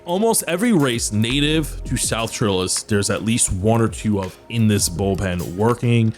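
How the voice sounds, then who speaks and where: A man's voice: fairly low pitch, expressive, moderate pace, faint music behind. A man running a tabletop game, describing scenes in a loose, rambling way with fillers. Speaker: dungeon master.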